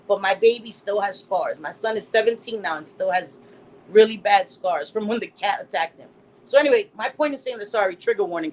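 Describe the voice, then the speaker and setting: A middle-aged woman hosting a casual live stream, reading chat comments aloud and telling stories in an animated way, laughing often. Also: medium pitch, slight background noise, poor audio. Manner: animated storytelling, laughs often, acts out quotes.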